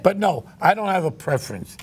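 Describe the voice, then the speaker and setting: A man's voice: high voice, very animated, fairly quick. A man hosting a casual talk show, brash and joking as he tells stories. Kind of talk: casual chat.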